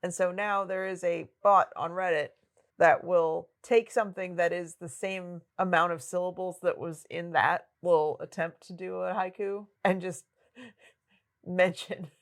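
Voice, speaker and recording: A woman co-hosting a podcast, chatting about a novel in a relaxed, digressive way and laughing often. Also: lowish voice, unhurried. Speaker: podcast co-host. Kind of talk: casual book discussion.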